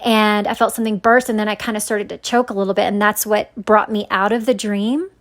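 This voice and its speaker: A woman's voice: mid-range voice, steady tone, brisk, fairly bright tone. A woman telling a personal story in a casual, rambling way, full of fillers and restarts, earnest and searching for words. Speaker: vlogger sharing a dream.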